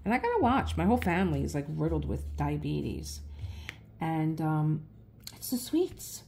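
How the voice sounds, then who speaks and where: A woman's voice: deep voice, expressive, moderate pace, gravelly, mellow, slight background noise. A middle-aged woman hosting her own channel, chatting casually in a rambling, storytelling way while she works on an art project. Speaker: artist and channel host. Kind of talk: casual chat while working on a craft project.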